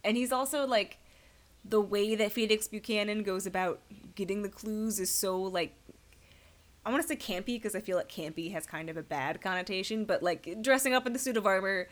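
A woman's voice: mid-range voice, a little fast. A woman co-hosting a casual movie chat, gushing and enthusiastic about what she loves. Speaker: podcast co-host.

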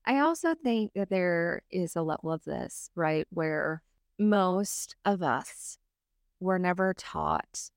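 A woman's voice: lowish voice, lively intonation, slow, vocal fry, no room sound. A woman co-hosting a talk podcast, speaking sincerely in a loose, conversational way. She leans on "like" as she works through her thoughts. The recording is dry and close. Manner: earnest, lots of filler "like". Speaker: podcast co-host. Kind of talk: casual chat.

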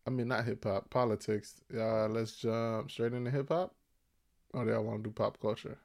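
A man co-hosting a podcast with a gravelly, creaky voice at a middle pitch. He talks in a laid-back way as he brings up each topic. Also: steady tone, normal speed, a little mellow. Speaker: podcast co-host. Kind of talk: casual chat.

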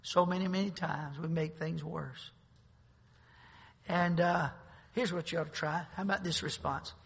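A man's voice: on the high side, steady tone, measured pace, creaky, pauses often, husky. A male pastor preaching an emphatic sermon to his congregation, joking with them and repeating words as he restarts his sentences. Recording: long hall reverb.

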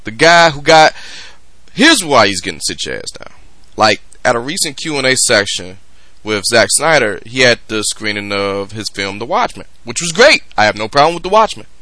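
A man's voice: mid-range voice, big pitch swings, normal speed, bright, forceful tone, no echo. A man hosting a podcast, ranting in a casual, emphatic and profane way. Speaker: podcast host. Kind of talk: casual commentary rant.

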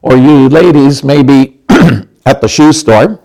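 A man's voice: mid-range voice, measured pace, dark tone, rough recording. A middle-aged male pastor preaching a conversational sermon, chatty, with many restarts and questions to the congregation.

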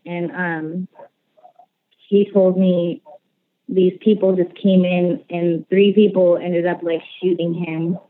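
A woman's voice: lowish voice, flat delivery, slow, no room sound. Hesitant woman on a tinny phone line. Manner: hesitant, lots of "like" and "um". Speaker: podcast guest on a phone call. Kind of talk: casual storytelling.

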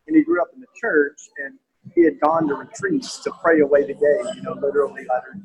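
Gravelly, raspy-voiced man telling stories. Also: on the high side, low-quality recording. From East Tennessee, USA. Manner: earnest, halting, with many restarts. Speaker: guest author. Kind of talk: casual conversational interview.

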